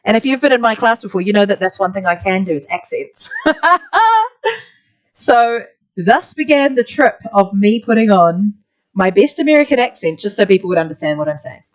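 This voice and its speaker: A woman's voice: medium pitch, expressive, moderate pace. A woman with a New Zealand accent, an art teacher chatting through a rambling story while she colours a drawing. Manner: chatty, rambling, many "like" fillers.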